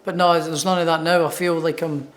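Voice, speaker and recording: A man's voice: a little high, level tone, fairly quick. A man with a Scottish accent, a professional boxer answering interview questions in an upbeat way and repeating words as he starts his thoughts. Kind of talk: sports interview.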